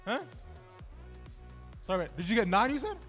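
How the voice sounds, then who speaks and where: A man's voice: high-pitched, big pitch swings, moderate pace, a bit bright, soft background music. A man hosting a trivia game at a gaming event, bantering casually and jokingly with contestants in a large indoor venue. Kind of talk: live event emceeing.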